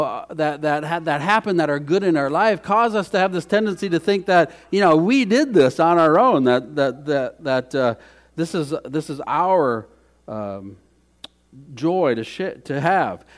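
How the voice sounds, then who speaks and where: A man's voice: a little high, lively intonation, measured pace. A middle-aged man preaching a conversational sermon as pastor, folksy and chatty, with frequent restarts.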